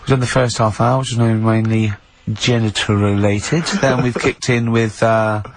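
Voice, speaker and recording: A man's voice: lowish voice, fairly even intonation, unhurried. A man hosting a comedy radio show in casual banter, often breaking into laughter. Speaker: radio host. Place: radio studio. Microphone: studio microphone.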